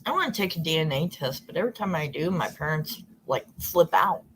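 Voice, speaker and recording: A woman's voice: low voice, lively intonation, a little fast, a bit bright. A woman co-hosting a livestream, talking in a plainspoken, chatty way. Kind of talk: casual chat. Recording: faint background noise.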